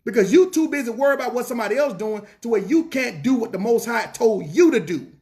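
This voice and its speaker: A man's voice: very high voice, lively intonation, fast, a little mellow. A man preaching a fervent sermon in a church, repeating lines and asking the congregation rhetorical questions, with a Southern US accent.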